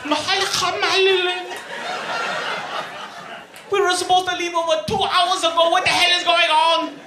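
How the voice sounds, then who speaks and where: A comedian on stage voicing a frantic male traveler who shouts mock gibberish in a high, strained voice. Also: flat delivery, normal speed, reverberant. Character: frantic adult male traveler, panicking at a delay. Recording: stage with live crowd.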